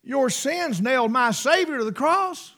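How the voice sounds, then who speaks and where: Animated high-pitched preacher man. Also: a little slow. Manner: folksy, emphatic, swings between loud bursts and hushed asides. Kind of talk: sermon.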